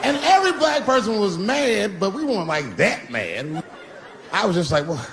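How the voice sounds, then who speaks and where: A middle-aged man doing a live stand-up routine, punchy and profane, swinging between loud bursts and low asides. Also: very animated, normal speed, a loud crowd. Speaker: stand-up comedian. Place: comedy stage before a live crowd. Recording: noisy live stage recording with audience.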